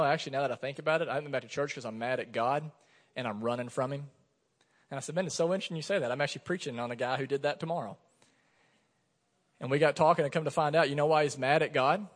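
A man's voice: mid-range voice, long reverb tail. A man, a pastor in his thirties, preaching a sermon in a conversational way, telling stories from his own life. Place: church sanctuary.

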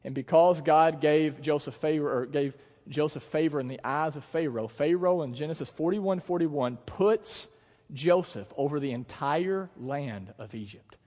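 A male pastor preaching a sermon in an animated storytelling manner, acting out the scenes as he goes. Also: a little high, measured pace. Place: church sanctuary. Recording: long church reverb.

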